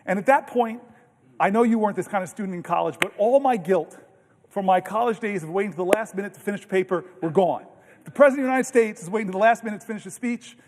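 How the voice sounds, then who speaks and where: A man with a notably high voice delivers a long, unscripted floor speech, earnest and animated, stumbling over restarts as he tells his stories. His words ring out with the long reverb of a big legislative chamber, picked up by a podium mic. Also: fast. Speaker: senator giving a floor speech.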